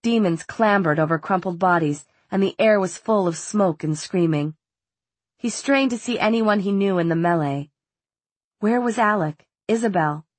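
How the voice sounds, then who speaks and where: A woman reading a novel aloud as an audiobook narrator, in a steady, measured way. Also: mid-range voice, no echo. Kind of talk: scripted narration.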